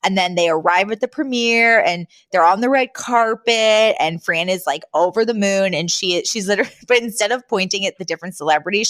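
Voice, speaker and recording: A woman co-hosting a podcast, casually retelling scenes and jumping into higher voices for the quotes. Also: fairly quick, hardly any pauses, fairly bright tone, dry recording. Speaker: podcast co-host. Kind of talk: casual recap chat.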